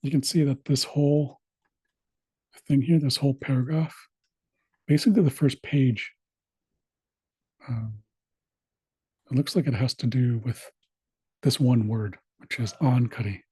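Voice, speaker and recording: Man instructor, online lesson, dry close sound, husky tone, steady delivery with filler pauses. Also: mid-range voice, no room sound. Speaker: language instructor. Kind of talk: online class screen-share walkthrough.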